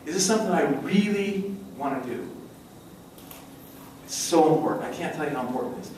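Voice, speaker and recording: A middle-aged man giving a motivational stage talk with a joke story, an energetic storyteller who slips into high acted voices, recorded from a distance in a large conference hall. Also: a little fast, a little hiss or hum. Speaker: event speaker. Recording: echoey hall, distant mic.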